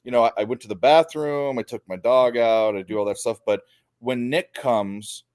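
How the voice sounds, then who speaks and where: A man's voice: medium pitch, normal speed, darkish tone. A man hosting a casual sports betting stream, blunt and stumbling, swearing freely. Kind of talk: casual chat.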